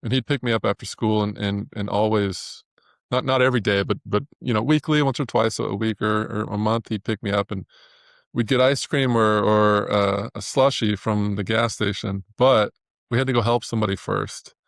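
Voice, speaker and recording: A man's voice: lowish voice, fairly even intonation, moderate pace, vocal fry, no echo, studio quality. A man speaking as an interview guest, telling his story earnestly with many restarts and repeated words. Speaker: guest, animator. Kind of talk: reflective interview talk.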